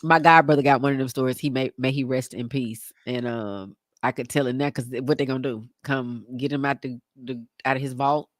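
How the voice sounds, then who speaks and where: A woman's voice: a bass voice, steady tone, brisk, few pauses, no echo, clean studio sound. A woman co-hosting a casual podcast, stuffy and congested from a cold, playful and jokey. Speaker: podcast co-host. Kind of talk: casual chat.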